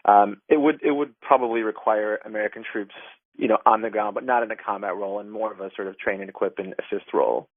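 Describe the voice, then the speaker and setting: A man's voice: fairly low pitch, steady tone, fast talker, no room sound. A man giving a radio interview by phone as an advocacy group director, earnest and full of fillers and restarts. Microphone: telephone. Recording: tinny phone line.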